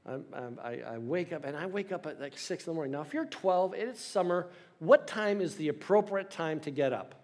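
Humorous older preacher telling a story. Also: male voice, a little high, expressive, brisk, hardly any pauses, darkish tone. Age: 60s. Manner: storytelling, self-deprecating humor. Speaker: pastor. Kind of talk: sermon.

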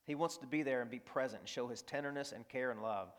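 A man's voice: mid-range voice, fast. A man preaching a sermon as a pastor. He speaks emphatically and repeats key phrases while he tells stories.

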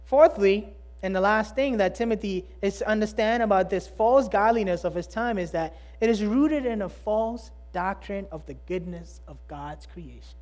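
A preacher delivering a sermon, emphatic and full of rhetorical questions, swinging between loud and hushed delivery. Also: medium pitch, moderate pace, hardly any pauses.

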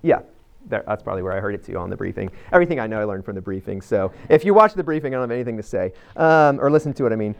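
A man's voice: on the low side, expressive, very fast, vocal fry. A man teaching a Bible passage to a group in a conversational, emphatic way, often checking in with "right?" and using fillers. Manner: addresses a live group directly.

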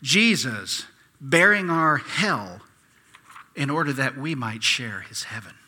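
Impassioned preacher in a reverberant hall. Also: male voice, mid-range voice, expressive, takes it slowly, slightly rough. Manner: impassioned, swings from hushed to loud pleading. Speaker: pastor. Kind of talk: sermon.

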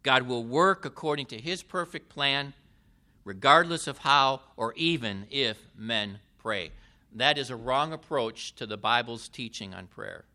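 A man preaching a sermon in a deliberate way, with emphatic rises and falls. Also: mid-range voice, expressive, pushed and bright.

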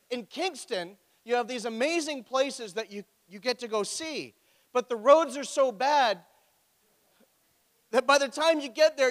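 A man's voice: very high voice, a bit bright. A man preaching a sermon as pastor, with a joking, conversational storytelling manner. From Ontario, Canada. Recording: echoey hall.

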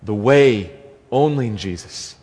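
A man's voice: fairly low pitch, expressive, a little slow, darkish tone, slightly rough. Emphatic male preacher in a reverberant hall. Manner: emphatic, repeating key phrases for stress. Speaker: pastor. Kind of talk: expository sermon. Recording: long reverb of a large hall.

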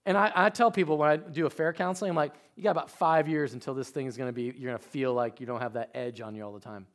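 A male pastor preaching, telling personal stories, dropping to quiet asides and rising to shouted emphasis. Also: medium pitch, fairly even intonation, fast. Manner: storytelling, swings from hushed asides to shouted emphasis. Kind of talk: sermon.

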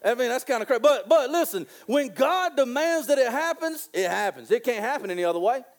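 A man preaching a sermon in an animated, excitable way, repeating phrases and stretching key lines out slowly. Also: very high voice.

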